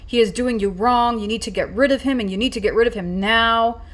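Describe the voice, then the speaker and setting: A woman's voice: fairly high pitch, brisk, close to an everyday voice. A woman voicing an earnest, caring little boy spirit who speaks in an urgent, pleading way. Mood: warning.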